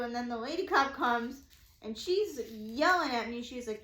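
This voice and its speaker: A woman chats through a story in a loose, rambling way, leaning on "like" and acting out what everyone said. Her voice sits a bit high. The room gives it a noticeable echo. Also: normal speed. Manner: animated, rambling, heavy use of "like". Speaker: craft shop vlogger. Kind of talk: casual storytime chat.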